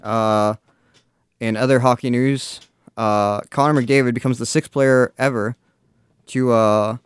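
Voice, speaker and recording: A man with a smooth, resonant voice runs a casual podcast, hesitating with frequent uhs as he reads sports news. The sound is close and dry, with no room echo. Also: mid-range voice, steady tone, a little slow. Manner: hesitant, many filler uhs. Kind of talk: casual chat.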